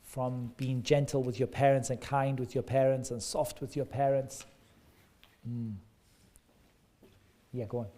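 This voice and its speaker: Mellow-voiced man teaching children. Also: medium pitch, level tone, measured pace, pauses often. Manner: encouraging, repeats answers back, asks questions. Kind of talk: interactive lesson for kids.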